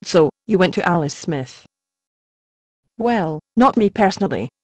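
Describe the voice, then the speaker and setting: A woman playing a defensive, quick-tempered young woman who questions sharply, in an amateur stage drama. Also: lowish voice, lively intonation, dry recording. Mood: demanding. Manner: sharp and demanding.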